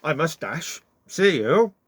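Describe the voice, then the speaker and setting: A man's voice: a little high, sing-song, fairly bright tone, dry recording, pitched above the performer's own voice, full character voice. A man putting on a sly purring wolf. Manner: purring, slow and drawn out. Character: crafty sly male wolf, greedy and smug.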